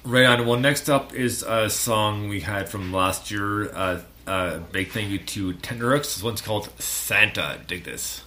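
Deep-voiced laid-back male music host. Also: unhurried, hardly any pauses, pushed and bright. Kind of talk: casual chat introducing songs.

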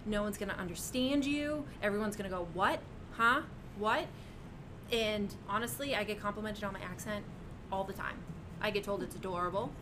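A woman guest in a casual interview, upbeat and emphatic, laughing often. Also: a little fast. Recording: steady background noise with low rumble.

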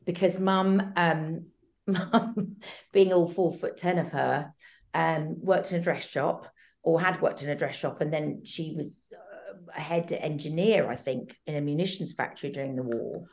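A middle-aged Englishwoman with a low, unhurried voice speaks as an interview guest. She's warm and reflective, hesitating with ums and restarting her sentences.

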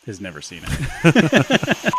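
A man's voice: on the high side, wildly swooping pitch, takes it slowly. A man co-hosting a casual podcast about movies, joking and rambling with frequent laughs. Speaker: podcast co-host.

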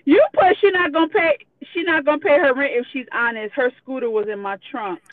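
High-voiced woman on a tinny phone line. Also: a little fast, a crowd in the background. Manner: blunt, profane, laughing between readings. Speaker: guest. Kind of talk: reading out messages on a live call.

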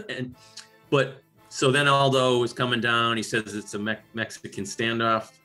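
A man's voice: mid-range voice, steady tone, a little slow, sharp tone, faint music behind. A man hosting a podcast, chatting casually about a movie and retelling its scenes. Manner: retells scenes and quotes lines. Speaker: podcast host.

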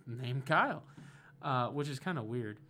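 A man's voice: medium pitch, unhurried, slight background noise. Young man telling a rambling story. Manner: animated, rambling with many fillers. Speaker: guest DJ. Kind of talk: casual storytelling chat. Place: radio studio.

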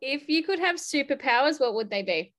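A bubbly woman co-host in casual podcast chat. Her voice sits a little high. She laughs easily and often as she talks. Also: animated, brisk, fairly bright tone, a little hiss or hum.

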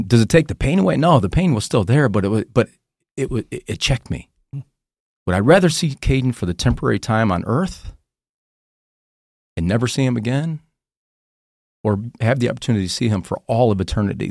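A man, a podcast guest, candidly telling a painful personal story in a halting, emotional way, often repeating his words. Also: on the low side, animated, darkish tone, no room sound, clean studio sound.

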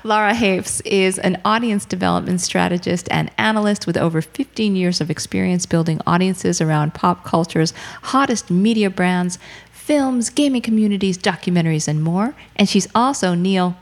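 A woman's voice: fairly low pitch, normal speed. A woman hosting a podcast as a script consultant, chatty and laughing easily. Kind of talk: casual podcast chat.

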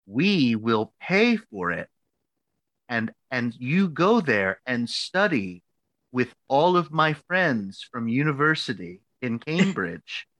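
Man doing a blunt British male advisor, slow emphatic lecturing, cursing, bright tone. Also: medium pitch, no room sound, lightly acted, rough recording. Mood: stern, slow.

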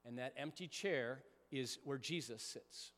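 A pastor delivering a conversational sermon, emphatic at times and dropping to soft prayerful tones. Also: male voice, mid-range voice, unhurried, big-room sound. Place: church sanctuary.

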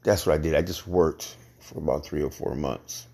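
A man hosting a podcast, telling his own story in a casual, halting way with frequent pauses and restarts. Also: extremely low pitch, vocal fry, mellow. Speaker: podcast host.

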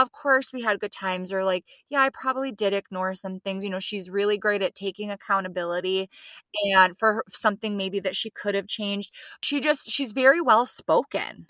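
A woman's voice: medium pitch, sharp tone, no room sound, studio quality. A woman co-hosting a podcast in casual chat, talking in a chatty, agreeable way. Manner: chatty, agreeable, laughs along. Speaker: podcast co-host.

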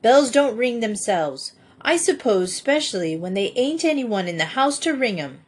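A woman's voice: fairly high pitch, big pitch swings, moderate pace, breathy edge. A woman reading aloud, voicing a stubborn, plain-spoken farm boy with country grammar.

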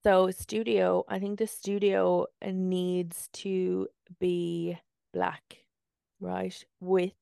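A woman's voice: on the low side, gravelly, warm tone, no echo, clean studio sound. A woman co-hosting a podcast, chatting casually in a rambling, profane storytelling way while sitting in bed. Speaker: podcast co-host. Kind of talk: casual chat. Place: in bed in a room.

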